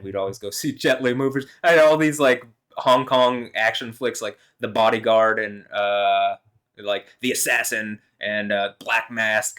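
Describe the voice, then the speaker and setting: A man's voice: on the low side, fairly bright tone, smooth. A man vlogging alone, talking in a meandering, heated way with lots of fillers and some swearing. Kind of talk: rambling solo monologue.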